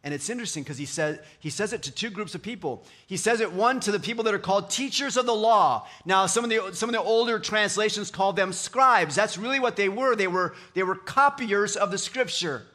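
A man's voice: sits high, fairly quick, hardly any pauses, pushed and bright. A man preaching a sermon in a conversational, playful way, voicing quotes and asides. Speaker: pastor.

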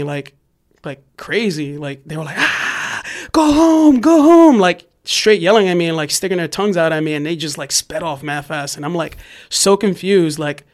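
A young man from New York telling a wild story in a casual chat, animated and profane, acting out the shouting cops. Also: fairly high pitch. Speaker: podcast guest, graffiti writer.

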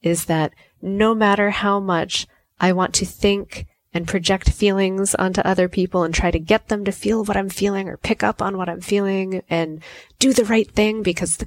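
On her solo podcast, a life coach in her forties speaks at a medium pitch, warmly recounting a family story and voicing the characters' lines. The recording is dry.

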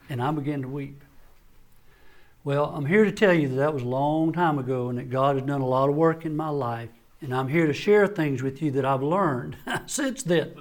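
An older man with a notably high voice delivers a sermon-style talk to a room of men. He tells folksy, self-deprecating stories with dry asides, then drops to a quiet, low voice for serious points. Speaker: family doctor and conference speaker.

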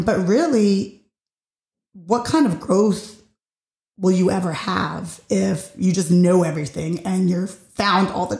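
Hosting her own show, this woman thinks aloud in a relaxed solo talk, hesitating often and restarting with plenty of fillers. She speaks in a lowish, darkish voice with vocal fry, and the room adds reverb.

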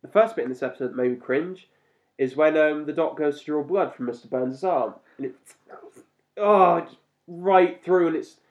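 A man's voice: on the high side, moderate pace. A man co-hosting a casual podcast, chatting and laughing often as he reviews a cartoon episode. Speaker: podcast co-host. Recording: slightly muffled lo-fi recording.

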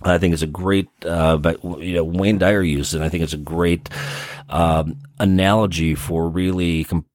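A man's voice: deep voice, fairly even intonation, moderate pace, darkish tone, no room sound, clean studio sound. A man with a Midwestern American accent, hosting a podcast and casually explaining therapy concepts through everyday examples.

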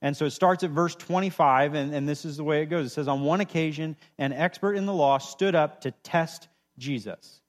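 A man's voice: on the high side, normal speed, few pauses. A man, a pastor giving a sermon in a casual, conversational way, doubling words for emphasis.

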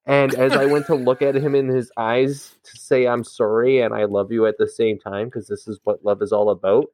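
A man's voice: mid-range voice, flat delivery, normal speed, darkish tone, dry recording. A man from Canada, co-hosting a podcast and telling raunchy stories in loose, laughing casual chat. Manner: bawdy, storytelling, laughing often. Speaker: podcast co-host.

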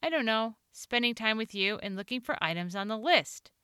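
A woman's voice: on the high side, expressive, moderate pace, sharp tone, clear, resonant tone, dry recording, pitched above the performer's own voice. A woman reading the lines of a blunt, practical wife in a personal story, in a dry, matter-of-fact way.

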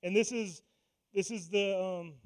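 Pastor type, male, higher-pitched voice, casual preaching style with wry asides to the congregation. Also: measured pace, clear, resonant tone. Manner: conversational preaching with self-deprecating asides. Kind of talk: sermon. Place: church sanctuary.

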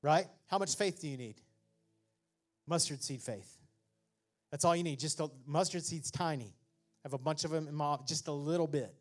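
High-voiced preacher, casual to shouting. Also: male voice, normal speed, faint music behind. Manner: swings from conversational asides to shouted preaching; jokey, laughs at own remarks. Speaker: pastor. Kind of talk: sermon.

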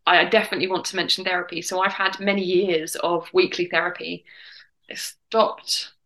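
A woman's voice: medium pitch, pushed and bright, poor audio. A woman guest from the UK talking in a reflective, encouraging way, with frequent fillers and restarts. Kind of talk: casual conversation.

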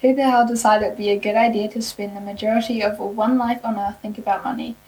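A young woman co-hosting a casual podcast chat, giving blunt, cheeky opinions in a deadpan way. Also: medium pitch, quick pace, poor audio. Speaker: podcast co-host.

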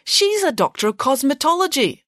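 A woman voicing a spoiled, whiny teenage schoolgirl in a petulant, drawn-out way. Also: high-pitched, sing-song, fairly bright tone, dry recording, clean studio sound, pitched above the performer's own voice.

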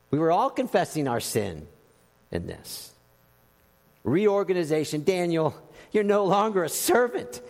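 A man's voice: a little high, darkish tone. A man preaching a sermon in a church, telling stories and acting out scenes with animation. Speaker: pastor. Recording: echoey hall with long reverb.

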